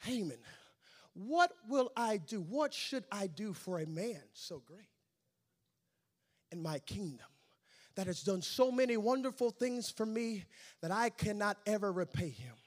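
A man voicing a troubled male king from an old story, speaking low and hushed as he asks for advice. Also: animated, unhurried.

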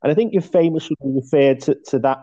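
A male interviewer with a mellow, dark voice, asking his questions haltingly with plenty of "uh"s. The sound is a little muffled and lo-fi. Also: fairly high pitch. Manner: hesitant, with many "uh"s and "mm"s. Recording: slightly dull lo-fi audio.

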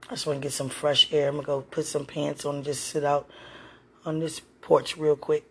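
Low and level in tone, this woman's voice is a little mellow and slightly rough, and she talks fairly quickly. The podcast host, a mother at home, has an intimate one-sided chat with a listener, sounding affectionate, laughing frequently and often exclaiming to God.

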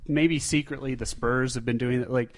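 Male podcast co-host, mid pitch, loose playful banter. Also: fairly even intonation, normal speed. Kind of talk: casual sports podcast chat.

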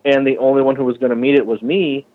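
A man who runs a shop and builds bikes, from the Minneapolis area, speaking at a middle pitch. His talk is casual and profane, and he keeps jumping up in pitch to act out other people's doubting lines. The audio sounds a little dull and lo-fi. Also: little pitch movement, quick pace. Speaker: shop owner and bike builder. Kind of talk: casual podcast conversation.

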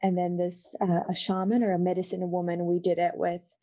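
A woman's voice: on the low side, flat delivery, brisk, dark tone. A woman talking in a casual conversation over a call, emotional and rambling with many fillers. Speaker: podcast guest.

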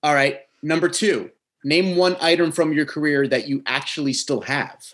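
A man hosting an interview, chatting casually and asking quick questions. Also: on the high side, steady tone, fairly bright tone. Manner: friendly, laughs easily, asks quick questions. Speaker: podcast host.

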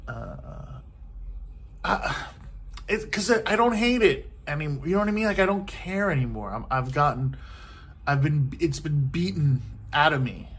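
A man's voice: a little high, lively intonation, measured pace, a bit bright, breathy edge. A man in a casual, rambling rant from a hotel room, loose and exasperated, swearing often and leaning on filler words. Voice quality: profane, loose, exasperated delivery with many fillers. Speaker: vlogger. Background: faint TV noise.

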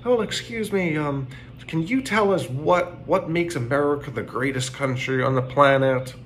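A man's voice: a little high, normal speed, a bit bright, a little hiss or hum, pitched above the performer's own voice, lightly acted. A man voicing a young woman college student who asks a hesitant, polite question. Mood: eager.

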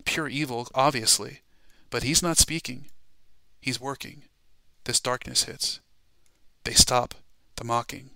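Guy preaching a bible study, gravelly voice, dry close sound, keeps going "all right? okay?". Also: mid-range voice, fairly even intonation, a little slow, pauses often, no room sound. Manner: emphatic, asks "all right?" and "okay?" often; swings from quiet asides to loud stressed words.

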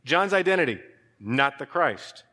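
A male pastor preaching a sermon, animated, with sudden drops to a hushed voice. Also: fairly high pitch, a little slow. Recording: long hall reverb.

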